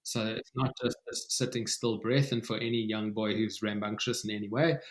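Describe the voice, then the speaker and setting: Soft-spoken calm man telling stories. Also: lowish voice. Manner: soft, slow and soothing, with many fillers. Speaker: author and guest. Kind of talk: calm conversational interview.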